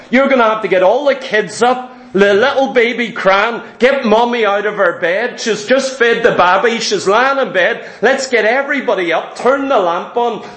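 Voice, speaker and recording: A man's voice: sits high, fairly bright tone, echoey room. A man preaching a sermon, emphatic and vivid, repeating his key points and telling stories.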